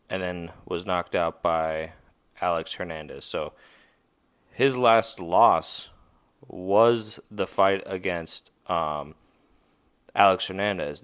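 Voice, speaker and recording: A man's voice: sits low, a bit bright. A man hosting a podcast, talking casually and rambling through a fight preview with lots of fillers and self-corrections. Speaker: podcast host.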